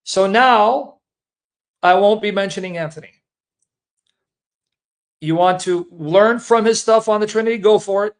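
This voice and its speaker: Speaking at a measured pace with frequent pauses, a man with a high-sitting voice hosts a Christian apologist livestream. He delivers a heartfelt personal statement to his audience, calling them brethren and saying things more than once.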